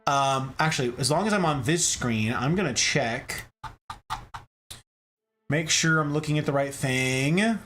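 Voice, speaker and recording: A man's voice: a little high, a little slow, long pauses, a bit bright, faint music behind. A man hosting a casual plant livestream, playful and goofy, slangy, breaking into silly voices. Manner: slangy, lots of "like" fillers. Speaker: streamer hosting a plant stream.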